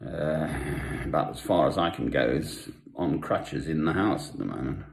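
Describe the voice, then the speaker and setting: An older man from South Africa, talking at home in a rambling personal monologue with pauses and asides. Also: extremely low pitch, gravelly. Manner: meandering, with long pauses and asides. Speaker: Christian vlogger. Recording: echoey room.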